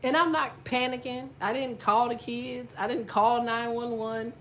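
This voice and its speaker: A woman's voice: on the high side, measured pace, a little hiss or hum. Blunt, foul-mouthed woman telling a story. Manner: profane, blunt, swears constantly; lively storyteller, quietens when telling sad parts. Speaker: astrology content creator. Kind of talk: casual storytelling monologue.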